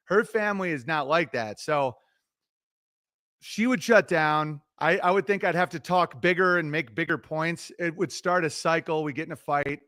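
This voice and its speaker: A middle-aged man talking loosely on a livestream, giving relationship advice in an animated, profane, self-interrupting ramble. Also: fairly high pitch, moderate pace, dry recording, studio quality. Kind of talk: casual rambling monologue.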